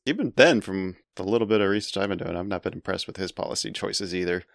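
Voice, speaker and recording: A man's voice: low voice, fast, vocal fry, no room sound, studio quality. A male podcast co-host in casual history chat, mostly giving brief reactions and questions.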